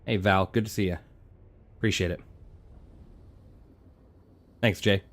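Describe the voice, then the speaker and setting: Male game streamer, low voice, laid-back and chatty, talks around a throat lozenge. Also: measured pace. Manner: relaxed, chatty, answers chat between flying. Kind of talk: casual live-stream chat.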